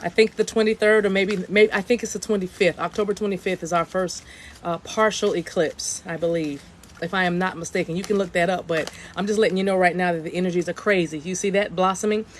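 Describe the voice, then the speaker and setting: On her outdoor deck, a woman livestreams a spiritual reading, chatting casually, repeating her phrases and slipping into chanted light language. Her voice sits fairly low and stays steady, her delivery is brisk, and there's a little hiss or hum behind it.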